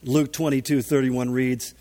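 A man preaching a sermon, animated and emphatic, with dramatic shifts in volume. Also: mid-range voice, measured pace. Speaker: pastor. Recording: long reverb of a large hall.

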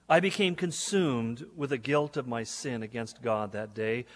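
A man, a pastor, reading a letter aloud in a sermon in an earnest, dramatic way. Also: mid-range voice. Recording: echoey hall.

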